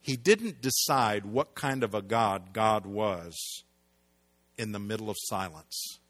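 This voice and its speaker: A man preaching a sermon, moving between loud emphatic lines and hushed low ones and posing rhetorical questions to the congregation. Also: expressive, takes it slowly. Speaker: pastor.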